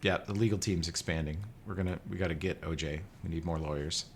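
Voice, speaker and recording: A man narrating as game master of a tabletop game, wry and deadpan. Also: deep voice, fast, slight background noise.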